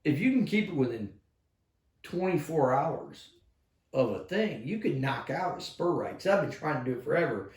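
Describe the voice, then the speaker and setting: An older man, a retired army sergeant major, telling war stories in a casual, heavily profane way and acting out shouted lines. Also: fairly high pitch, big pitch swings, normal speed. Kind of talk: casual storytelling with heavy swearing. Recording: echoey room.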